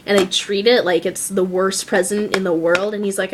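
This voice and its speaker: A woman's voice: medium pitch, fairly even intonation, normal speed, background noise. A young woman vlogging in a casual, gushing way, filling her talk with "like" and "um" and acting out movie lines in little voices. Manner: many fillers like "like" and "um". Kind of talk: casual chat to camera.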